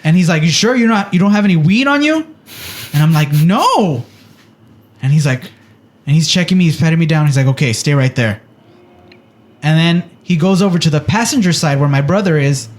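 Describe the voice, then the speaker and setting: Animated storytelling man, fairly high voice. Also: fairly quick. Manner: animated, acts out quotes. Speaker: podcast co-host. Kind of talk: casual storytelling.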